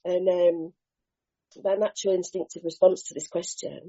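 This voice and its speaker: A woman gives an earnest, animated share at a recovery meeting. Her voice sits fairly low and husky with a mellow, dark tone. The live recording sounds muffled and lo-fi. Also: moderate pace. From England. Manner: earnest, animated storytelling, mimics other voices.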